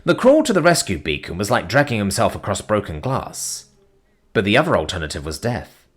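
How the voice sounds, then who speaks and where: A man narrating a science fiction story in a dramatic, expressive manner. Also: lowish voice, brisk, husky, soft background music.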